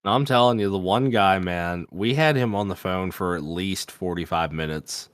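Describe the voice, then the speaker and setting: A man's voice: low-pitched, normal speed, smooth, dry recording, clean studio sound. A man co-hosting a podcast, telling a story in a loose, laid-back casual chat with fillers and the odd swear. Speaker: podcast co-host.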